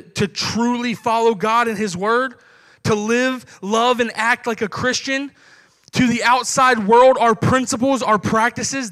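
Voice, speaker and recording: A man's voice: very high-pitched, bright, forceful tone. A young man preaching a sermon to his congregation in a conversational way, acting out little dialogues.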